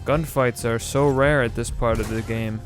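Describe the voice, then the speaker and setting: A man's voice: medium pitch, fairly even intonation, normal speed, music in the background. Sarcastic man commentating a video game. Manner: exasperated, sarcastic running commentary. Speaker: gaming video host. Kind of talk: casual let's-play commentary.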